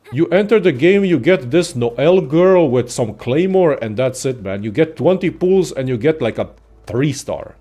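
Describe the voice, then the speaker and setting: A young man casually ranting about games in a profane, excitable, rambling way as a content creator. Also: medium pitch. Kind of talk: casual gaming rant.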